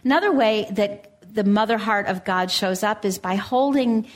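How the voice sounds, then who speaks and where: A woman preaching a sermon, telling a story in a gentle, earnest way and reading scripture aloud. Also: mid-range voice, normal speed.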